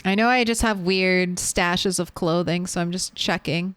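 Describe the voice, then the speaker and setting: A woman's voice: medium pitch, a little slow, a bit bright, no echo. A young woman streaming a game, chatting casually as she plays, rambling between topics and swearing freely. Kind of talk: casual gameplay chat.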